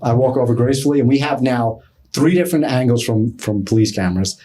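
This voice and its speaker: A middle-aged man, telling a story with a husky, slightly rough voice. He is animated, switches into other people's voices as he acts out their lines, and swears casually. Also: medium pitch, quick pace. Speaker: podcast guest.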